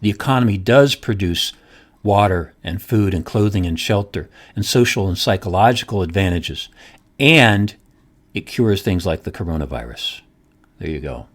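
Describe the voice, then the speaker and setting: A man's voice: sits low, animated, moderate pace. A middle-aged man hosting a solo podcast, speaking emphatically and asking rhetorical questions. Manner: emphatic, repeats points, asks rhetorical questions. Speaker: podcast host, economist.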